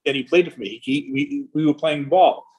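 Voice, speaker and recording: A man's voice: a little high, fairly quick, darkish tone, slightly rough, rough recording. A middle-aged man, a record label founder, telling long profane anecdotes in a casual interview.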